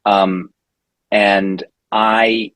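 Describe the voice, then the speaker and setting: A man in his forties, a guest on a podcast, telling a long personal story in a casual, animated way with many fillers and restarts. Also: lowish voice, very slow, no echo, rough recording.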